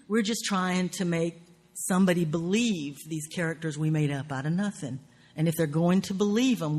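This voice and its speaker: A woman with a Southern US accent giving a writing workshop lecture in a salty, profane, animated way, laughing often. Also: deep voice.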